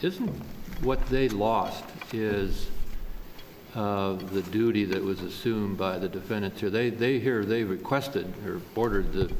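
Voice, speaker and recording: A male judge questioning a lawyer from the bench, cutting in with probing, halting questions. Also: lowish voice. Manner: interrupts and probes, halting restarts. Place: large courtroom. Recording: reverberant courtroom recording with faint noise.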